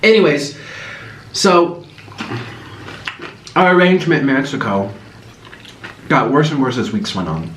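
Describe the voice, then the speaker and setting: A man hosting a mukbang, telling gossipy stories in an animated way. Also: mid-range voice, a little slow, long pauses. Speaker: host. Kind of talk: casual storytelling during a mukbang. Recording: echoey room with faint noise.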